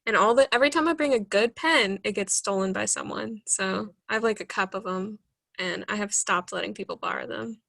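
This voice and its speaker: A woman's voice: medium pitch, fairly quick, gravelly, fairly bright tone, no room sound, clean studio sound. A woman who works as a manager, chatting wryly on a video call. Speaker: store manager. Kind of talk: casual video call chat.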